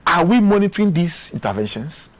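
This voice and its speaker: A man's voice: sits high, sing-song, a little fast. A man with a Ghanaian English accent, speaking as a guest in a studio interview, earnest and often repeating words as he restarts. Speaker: guest, former official.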